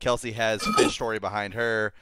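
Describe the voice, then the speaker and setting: A man co-hosting a casual review show over a video call, animated and swearing freely as he recounts scenes. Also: lowish voice, normal speed, very noisy.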